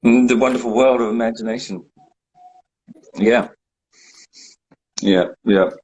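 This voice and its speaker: A man's voice: mid-range voice, steady tone, a little slow, darkish tone, highs cut off. A middle-aged man chatting as a guest on a video call, rambling with dry, self-mocking humor. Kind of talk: casual chat.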